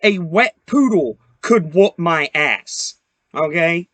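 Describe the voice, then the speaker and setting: A man's voice: a little high, expressive, slow, fairly bright tone, no room sound. A young man hosting a podcast, telling a story in a profane, heated, rambling way. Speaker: podcast host. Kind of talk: casual storytelling rant.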